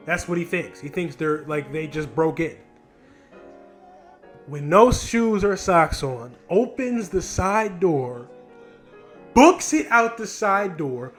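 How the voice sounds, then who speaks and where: A young man of 20 with a somewhat high voice tells a long, aggravated story in a casual vlog. He speaks into a handheld mic in his home studio, cursing freely and restarting sentences as he vents. Music sits faintly underneath. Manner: frustrated, rambling, heavy swearing with many restarts. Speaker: vlogger telling a story. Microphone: handheld microphone.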